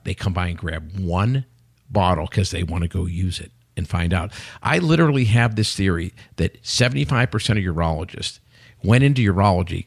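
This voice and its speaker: Fast-talking gravelly man. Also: low voice. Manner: animated anecdotes with acted-out quotes. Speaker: guest, company executive. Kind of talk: casual storytelling chat. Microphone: podcast studio mic.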